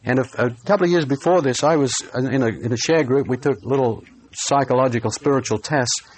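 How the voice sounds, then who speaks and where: A man preaching a sermon, telling a personal story in an earnest way and slowing down on key phrases. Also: mid-range voice, a little hiss or hum.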